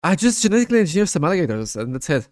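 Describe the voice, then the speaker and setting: Stammering young man, lively pitch, dry mic. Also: dry recording. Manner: halting, stammering, apologetic, tired late at night. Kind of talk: casual chat. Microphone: desk mic with noise suppression on voice call.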